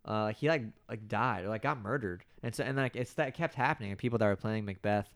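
A man's voice: lowish voice, fast talker. A young man co-hosting a casual, profane chat, full of filler words. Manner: loose, profane, lots of filler "like". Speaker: podcast co-host.

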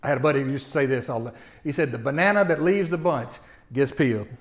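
A male pastor, preaching a folksy sermon that swings from loud to hushed and often repeats his opening words. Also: medium pitch, fast talker. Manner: repeats words when starting sentences.

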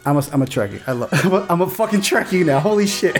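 A male podcast co-host chatting casually about film and TV. He is excitable and swears freely. His talk is peppered with "like.". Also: high voice, quick pace, over loud music. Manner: excitable, swears a lot, many "like" fillers.

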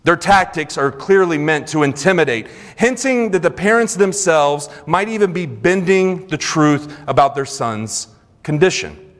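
A man's voice: fairly high pitch, measured pace. A man preaching a sermon in a church sanctuary, retelling scripture earnestly with conversational asides. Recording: long reverb of a large hall.

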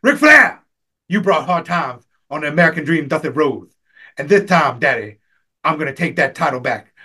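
A man putting on a loud, boastful wrestling promo voice, raspy and shouted. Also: a little high, animated, moderate pace, exaggerated voice. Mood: boastful, shouting.

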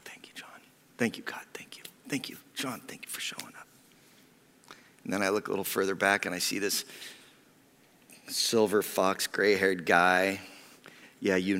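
A pastor delivers a personal sermon, speaking from the heart and often sinking to a near whisper. His voice sits on the lower side. A long reverb from the church hall hangs on every phrase. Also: a bit bright. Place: church sanctuary.

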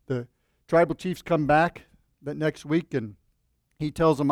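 A man's voice: a little high, moderate pace, darkish tone, no room sound, studio quality. A man preaching as a pastor at a church service, praying earnestly and then telling a folksy joke with many fillers and restarts. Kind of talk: sermon with opening prayer.

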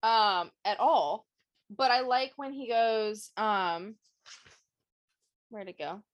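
A woman co-hosting a book podcast, chatting casually about a novel and reading passages aloud with quick asides. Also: medium pitch. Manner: animated, laughs often, reads passages aloud with quick asides.

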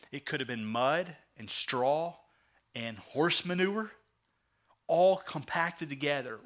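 Man, pastor, sermon, high pitch, bright tense tone, acts out characters. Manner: animated storytelling, acting out the characters in quick asides.

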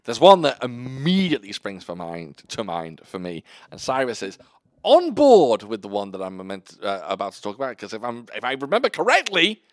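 A man co-hosting a casual podcast chat about films, animated and swearing freely, laughing easily. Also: mid-range voice, normal speed, no room sound, clean studio sound. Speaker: podcast co-host.

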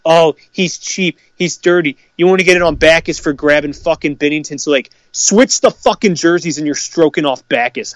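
A fired-up man with a fairly high voice goes off in a profane, heated sports rant. His voice is close and dry, with no room around it. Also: dry recording. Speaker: podcast co-host.

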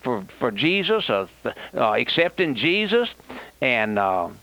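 A man's voice: medium pitch, very animated, a little slow, a bit bright, dry recording. An older man preaching a fiery radio sermon, with an impassioned, repetitive cadence and folksy asides. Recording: dull lo-fi old radio broadcast.

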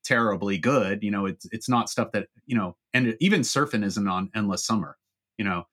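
A man from Southern California co-hosts a podcast, his voice lowish and a bit bright at a moderate pace. He chats about music casually, rambling through many fillers and restarts.

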